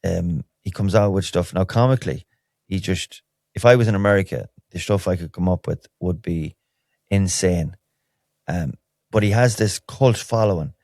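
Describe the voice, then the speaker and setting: A man's voice: low voice, moderate pace, darkish tone, no echo, clean studio sound. A man with an Irish accent hosting a solo podcast, talking in a candid, wry, rambling way with lots of restarts. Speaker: podcast host. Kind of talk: solo podcast, casual chat.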